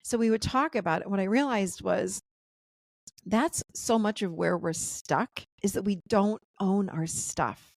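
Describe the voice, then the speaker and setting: A woman coach talks on a video call in a lively, chatty way, laughing and acting out what her clients said. Her mid-range voice has a gravelly, fried edge. The sound is dry and close, with no room around it. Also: medium pitch, a little slow, no room sound. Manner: animated, laughing, acts out client quotes. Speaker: guest coach and author. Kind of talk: casual interview chat.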